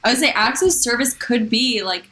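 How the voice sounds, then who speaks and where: A woman's voice: fairly high pitch, expressive, normal speed, a crowd in the background, low-quality recording. A woman on a casual podcast, explaining things in a matter-of-fact way. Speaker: podcast co-host.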